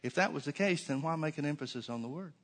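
A man's voice: fairly high pitch, quick pace, a bit bright. Emphatic male preacher at a church. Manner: emphatic preacher who asks rhetorical questions and repeats for effect. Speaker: pastor. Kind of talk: sermon.

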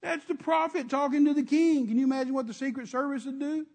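A man's voice: extremely high pitch, steady tone, fast, vocal fry, a little mellow. A man preaching a sermon, emphatic and repetitive, calling out to his congregation.

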